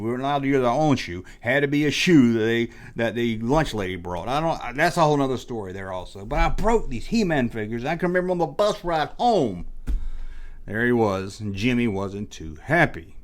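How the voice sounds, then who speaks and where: A middle-aged man telling a rambling, self-mocking confessional story in a casual vlog, as the host of his channel. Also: medium pitch. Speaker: toy collecting vlogger.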